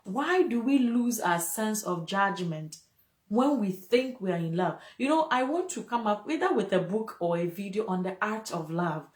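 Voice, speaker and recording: A woman's voice: medium pitch, animated, moderate pace. A woman hosting a casual live-stream talk, speaking emotionally and preachily and laughing often. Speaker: host. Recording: echoey room.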